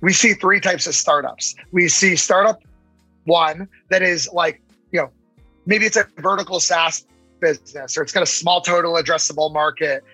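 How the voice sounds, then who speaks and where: A man with a bright, forceful and slightly husky voice talks in a lively interview. He moves fast, acting out quoted voices along the way. His voice sounds dry and close, with faint music behind it. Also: on the high side, no echo, rough recording. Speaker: investor and podcast guest. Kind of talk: casual interview talk.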